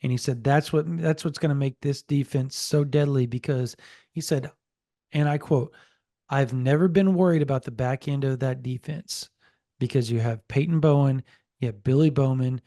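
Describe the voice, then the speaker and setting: Animated, mellow-voiced podcast co-host man. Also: medium pitch, gravelly, no echo, studio quality. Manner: animated storyteller who relays a source's quotes. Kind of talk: casual sports podcast chat.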